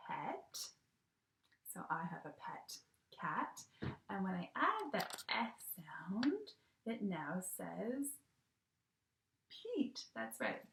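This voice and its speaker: A woman teacher talks slowly and patiently through a recorded phonics lesson for young children. Her voice carries a slight vocal fry, and she keeps checking in with a sing-song "okay?". The sound bounces around an echoey room. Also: medium pitch.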